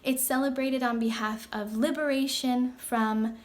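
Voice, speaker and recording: Playful teacher woman, high voice. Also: fairly even intonation, measured pace. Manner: playful, sing-song teacher talk to small children. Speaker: elementary school teacher. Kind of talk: recorded class recap for young children.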